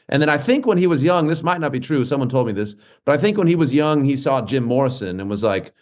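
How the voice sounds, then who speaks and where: Man, forties, comedian guest, casual podcast chat, animated storyteller, swears a lot, middle-pitched voice. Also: fast talker, hardly any pauses. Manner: animated storyteller who swears freely and acts out quotes. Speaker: guest comedian and clown performer.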